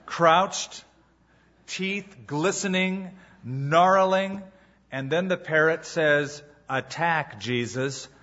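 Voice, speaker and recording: A man preaching a sermon as pastor, telling a story with dramatic pauses before moving into his teaching. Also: high voice, bright, forceful tone, muffled recording, slight background noise.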